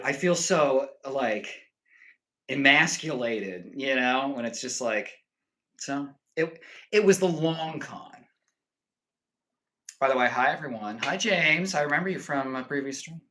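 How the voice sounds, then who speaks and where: Young guy streaming, talks in rambly animated stories, bright voice. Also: mid-range voice, poor audio. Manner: rambling, animated storytelling full of "like" and "you know". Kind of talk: casual chat with stream viewers.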